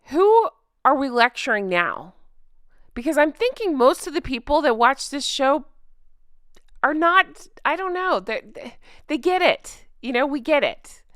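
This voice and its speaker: A woman's voice: high-pitched, very animated, a little slow, fairly bright tone, no room sound, studio quality. A woman hosting a TV recap, ranting in an exasperated, sarcastic way and often breaking off mid-sentence. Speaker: show recap host.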